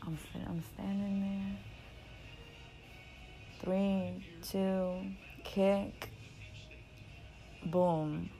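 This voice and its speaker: A woman casually telling a story in an animated, profane, slangy way, often laughing. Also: medium pitch, drawn-out words, long pauses, soft background music, poor audio. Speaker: storyteller recounting a game.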